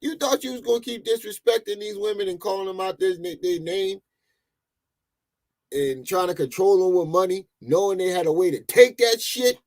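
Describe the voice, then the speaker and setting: A man's voice: high-pitched, normal speed, a little mellow. A man giving mocking, laughing commentary as he reacts to a video clip.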